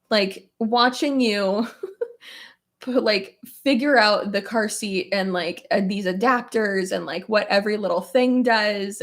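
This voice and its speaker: At a measured pace and medium pitch, a young beauty vlogger talks while putting on makeup at home for a get-ready-with-me video. She loops through filler words and casual profanity, sounding open and emotional, laughing often and now and then almost crying.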